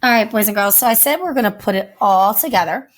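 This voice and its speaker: A woman's voice: medium pitch, quick pace. A woman teacher giving a recorded phonics lesson to young children, patiently sounding out each word. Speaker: elementary teacher.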